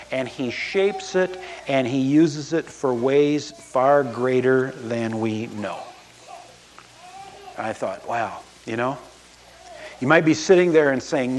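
A man's voice: mid-range voice, darkish tone, slight background noise, low-quality recording. A man preaching a sermon as a pastor, telling stories and acting out quoted voices with emphasis.

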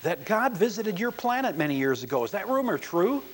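A man's voice: high voice, fairly quick, pitched above the performer's own voice. A man voicing a curious, friendly male alien visitor who asks question after question. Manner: eager questioning, rising excitement.

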